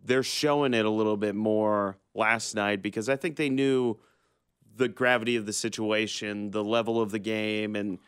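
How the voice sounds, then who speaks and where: A man's voice: on the low side, fairly even intonation, normal speed, clear, resonant tone, no room sound, clean studio sound. A man co-hosting a sports talk show, chatting easily, agreeing and then adding his own analysis. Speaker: sports radio co-host.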